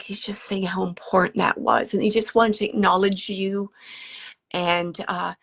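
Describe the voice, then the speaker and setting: Gentle gravelly-voiced woman medium. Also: mid-range voice, little pitch movement. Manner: gentle and halting, relaying messages, often dropping to a whisper. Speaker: psychic medium. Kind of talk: live mediumship readings to an audience.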